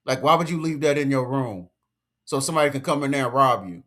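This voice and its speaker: A man's voice: mid-range voice, expressive, quick pace, sharp tone. A man giving a casual commentary rant, emphatic and lecturing, full of slang and repeated points. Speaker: commentary vlogger.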